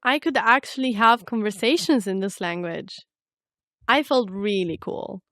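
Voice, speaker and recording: A woman's voice: mid-range voice, expressive, unhurried, fairly bright tone, no room sound. Young woman narrating in a dry booth. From Romania. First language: Romanian. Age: young adult. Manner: reflective, personal storytelling. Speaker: narrator and reporter. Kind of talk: scripted documentary narration.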